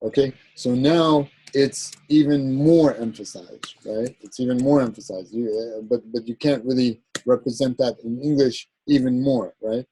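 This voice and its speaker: In a low-quality recording, a male teacher lectures on Arabic grammar with patience, frequently checking understanding with "right?" while stumbling through fillers and corrections. His medium-pitched voice is warm and husky, with fairly even intonation.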